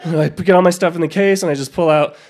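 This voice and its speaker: A man's voice: a little high, fairly even intonation, quick pace, a little mellow. Rambling self-deprecating male storyteller. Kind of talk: live personal storytelling.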